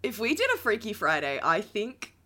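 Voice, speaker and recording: A woman's voice: medium pitch, big pitch swings, normal speed, bright, forceful tone. A woman in her thirties co-hosting a podcast, with giggly, sweary banter and casual chat. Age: 30s. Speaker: podcast co-host.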